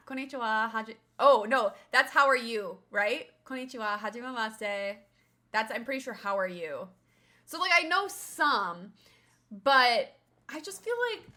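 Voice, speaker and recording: A woman's voice: a little high, sharp tone. A young woman streamer chatting casually with her viewers, rambling and swearing now and then.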